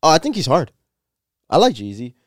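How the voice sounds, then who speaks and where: A man's voice: on the high side, wildly swooping pitch, a little fast, no room sound, clean studio sound. A young man co-hosting a podcast, blunt and laid-back, swearing freely in casual chat. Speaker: podcast co-host.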